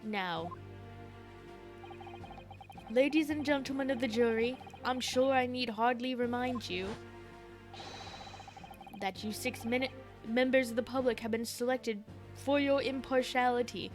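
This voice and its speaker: A woman voicing a stern elderly male judge in a courtroom game, speaking in a formal, grave, measured way. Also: fairly high pitch, over music, lightly acted.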